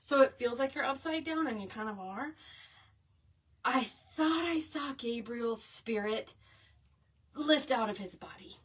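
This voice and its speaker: A woman's voice: fairly high pitch, expressive, a little slow, pauses often, breathy edge. A woman, telling a chatty story to viewers while she makes a craft piece. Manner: chatty, addresses viewers as y'all, frequent "okay?". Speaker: craft video host. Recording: voice a bit far from the mic.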